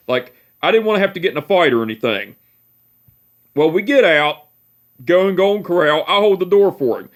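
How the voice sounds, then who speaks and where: Fairly quick and animated, a young man with a slightly high voice swears his way through family stories. His manner is laid-back, and he keeps laughing at what he's telling.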